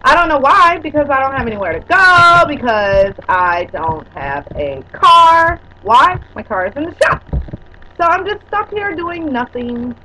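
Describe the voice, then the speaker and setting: A woman's voice: high-pitched, big pitch swings, measured pace, noisy background. A woman in her forties chatting casually to viewers on a webcam at home, rambling and teasing. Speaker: vlogger. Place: at home indoors.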